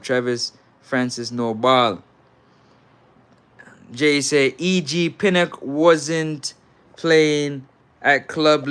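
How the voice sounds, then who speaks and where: A man with a Jamaican accent and a medium-pitched, slightly bright voice hosts a live sports talk stream. He reads viewer comments and repeats his points, mixing in patois.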